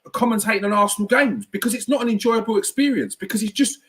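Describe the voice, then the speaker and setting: A man's voice: high voice, fast, fairly bright tone. A man hosting a casual football reaction chat, talking in an opinionated, ranty way. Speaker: fan channel host.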